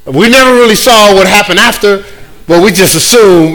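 A man's voice: high-pitched, a little fast, fairly bright tone, low-quality recording. A man preaching a casual, playful sermon, acting out other people's voices.

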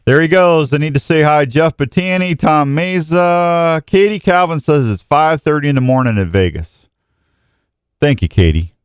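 A man's voice: fairly high pitch, normal speed, smooth, no echo, clean studio sound. A man from Saint Louis hosting a casual morning radio show, chatty and rambling with many restarts. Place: radio studio.

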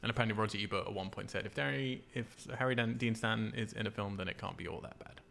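A man's voice: on the low side, quick pace, vocal fry, a bit bright, slight background noise. A man co-hosting a podcast, chatting loosely with many fillers and easy laughs. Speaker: podcast co-host. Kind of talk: casual chat.

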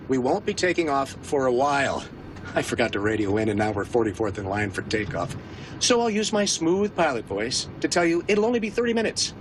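An actor playing a wry male airline pilot in a commercial, talking to the camera from the cockpit in a smooth announcer voice. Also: on the high side, background noise, natural voice.

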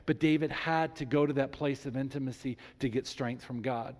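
A man preaching a sermon as a pastor, reading scripture aloud with emphasis and animated delivery. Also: on the high side, moderate pace. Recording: long reverb in a large hall.

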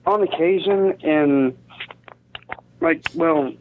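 Hoarse man over a tinny phone line. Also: fairly high pitch, slow pace, a little hiss or hum. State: hoarse, coughing. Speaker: comedian guest. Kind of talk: casual chat.

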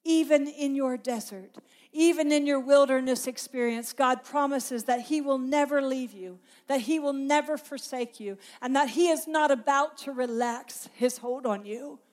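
A woman's voice: high voice, moderate pace, a little mellow. A woman preaching a sermon, impassioned and emphatic, building through repeated phrases.

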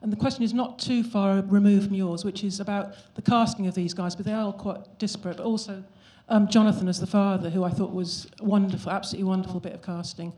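A man's voice: high voice, fairly even intonation, quick pace, few pauses, warm tone. An enthusiastic man from the audience asking a question at a Q&A. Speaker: audience member.

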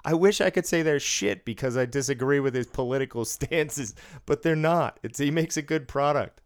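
A man co-hosting a casual podcast, swearing freely and speaking bluntly between bursts of laughter. His voice sits at an ordinary middle pitch. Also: moderate pace, smooth. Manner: profane, blunt, laughs often. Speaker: podcast co-host. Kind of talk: casual chat. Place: studio room.

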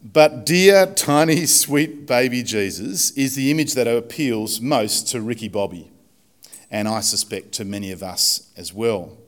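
A man's voice: mid-range voice, unhurried. Guy pastor giving a chatty sermon, lots of ums and restarts, jokey. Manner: chatty and self-deprecating, with many fillers and restarts. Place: church.

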